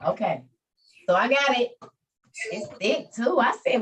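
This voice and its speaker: Woman host on a video call, chatty, slightly higher voice, a bit off-mic, encouraging listeners. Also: expressive, measured pace, fairly bright tone, far from the mic, low-quality recording. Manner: chatty, addresses listeners as y'all, preachy about faith. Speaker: online meeting host. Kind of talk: casual chat and encouragement to listeners.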